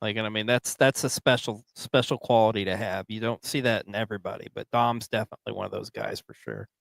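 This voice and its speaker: A man's voice: fairly low pitch, expressive, fast talker, vocal fry, no echo. A man hosting a wrestling podcast in casual chat, emphatic and swearing freely. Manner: emphatic, heavily profane. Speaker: podcast host.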